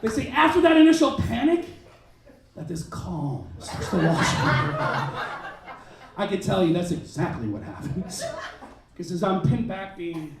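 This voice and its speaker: High-voiced stand-up comic man, crowd laughing. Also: measured pace. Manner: crude, animated storytelling with shouted punchlines. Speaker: stand-up comedian. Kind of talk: stand-up comedy set. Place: comedy club stage. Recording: roomy club sound, mic heard from a distance, crowd laughing. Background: audience laughter.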